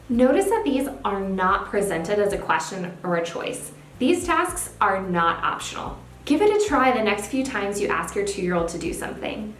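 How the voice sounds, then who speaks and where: A young woman, a speech therapist, giving parenting tips in a clear, upbeat teaching manner. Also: medium pitch, very animated, moderate pace. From California. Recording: echoey room, faint background hiss.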